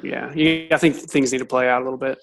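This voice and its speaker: A man's voice: medium pitch, fairly even intonation, fast. Laid-back rambling man chatting. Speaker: co-host. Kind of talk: casual podcast chat.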